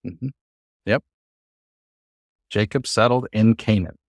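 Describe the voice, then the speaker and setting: A man with a fairly low voice leads a Hebrew lesson over a video call. He is patient and encouraging and slows down to sound words out. The sound is dry and close. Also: no echo. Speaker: Hebrew teacher. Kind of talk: online class teaching.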